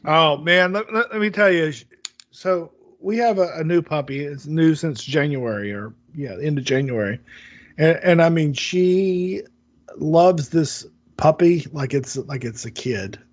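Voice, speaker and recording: A man's voice: a little high, a little slow, no echo. A man hosting a podcast, chatting casually in a rambling way with many restarts. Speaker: podcast host. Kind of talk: casual chat. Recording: dull dry lo-fi audio.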